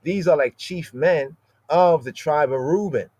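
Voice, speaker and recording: A man's voice: fairly high pitch, unhurried, warm tone, dry recording. A man teaching scripture on a podcast in a loose, informal way, repeating key words and asking "right?" after nearly every point. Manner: repeats words, constant "right?" tag questions. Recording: dry, slightly dull audio.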